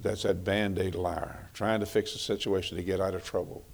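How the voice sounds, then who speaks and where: A man's voice: sits low, flat delivery, moderate pace, gravelly, slight background noise. A middle-aged man preaching a sermon on marriage in a folksy, conversational way, repeating phrases for emphasis.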